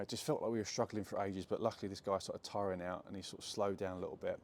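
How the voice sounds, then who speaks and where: Deep gravelly man telling a story. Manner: chatty, animated retelling with many fillers. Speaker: property investor telling a story. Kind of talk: storytelling to camera.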